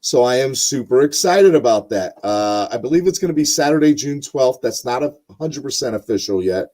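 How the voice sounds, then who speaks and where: A man's voice: mid-range voice, expressive, a little fast, darkish tone. Rambling male sports podcast host. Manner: rambling, lots of ums and uhs. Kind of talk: casual sports podcast chat.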